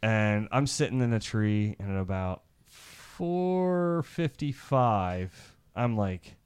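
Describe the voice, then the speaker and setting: A man from Iowa co-hosting a podcast, telling a crude, animated hunting story and laughing as he talks. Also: fairly low pitch, slow pace, smooth. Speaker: podcast co-host. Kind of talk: crude storytelling among friends.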